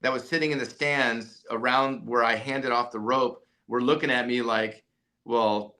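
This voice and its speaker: A man who is a company CEO and coach, telling an animated story in a podcast interview, full of restarts and "right?" tags. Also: medium pitch, normal speed.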